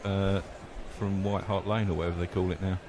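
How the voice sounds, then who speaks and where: A man's voice: sits low, little pitch movement, a little fast, background noise. A man with an Essex accent in casual radio commentary chat, reading out listener messages in a jokey, conversational way.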